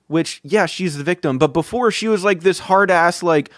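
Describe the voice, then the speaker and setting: A man's voice: high-pitched, moderate pace, no echo, clean studio sound. A man hosting a podcast who tells a story in a casual way, with many fillers and free swearing. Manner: chuckling, swears freely, filler-heavy. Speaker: podcast host.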